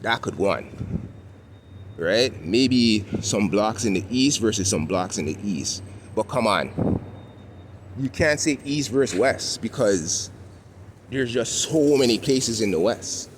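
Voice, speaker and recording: A man's voice: lowish voice, animated, takes it slowly, long pauses. A man from Toronto with a Toronto accent, talking in a laid-back slang-filled way while walking, with lots of "you know what I'm saying". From Toronto, Canada. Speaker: vlogger. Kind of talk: casual walking vlog rant. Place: outdoors on a city street. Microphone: handheld camera while walking. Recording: street noise from passing vehicles. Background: traffic and street ambience.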